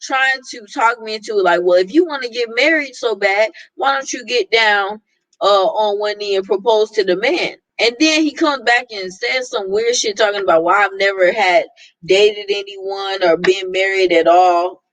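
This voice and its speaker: A woman's voice: mid-range voice, normal speed, a bit bright, no room sound, low-quality recording. A woman vlogger talking in a casual opinion rant, blunt and exasperated, brushing off what others say.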